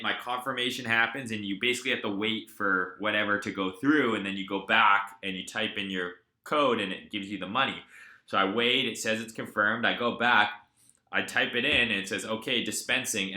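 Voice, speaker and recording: A man hosts a live crypto trading stream, chatty and profane. His voice is low-ish yet sharply bright and tense, and it rings in an echoey room. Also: moderate pace. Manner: profane, animated storyteller. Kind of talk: casual live-stream chat.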